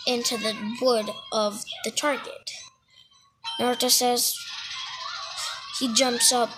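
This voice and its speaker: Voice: medium pitch, little pitch movement, slow, rough recording. A child casually retelling a fan-made story, rambling and correcting themselves as they go. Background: music playing.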